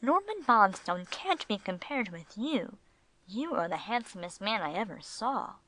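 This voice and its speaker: A woman's voice: mid-range voice, very animated, a little slow, fairly bright tone. A woman reading the part of an affectionate wife who speaks with emphasis. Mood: fond.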